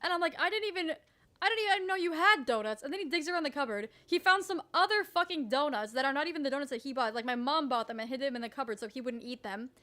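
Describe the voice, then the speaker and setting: Young woman streamer rambling a story, high voice, swears a lot, says like constantly, laughs easy. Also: very fast, hardly any pauses. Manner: animated, swears freely, heavy use of "like", laughs often. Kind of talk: casual storytelling on a live stream.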